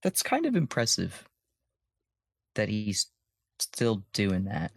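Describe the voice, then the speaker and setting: Animated husky-voiced male player. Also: lowish voice, slow, no room sound, studio quality. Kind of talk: playing a tabletop game.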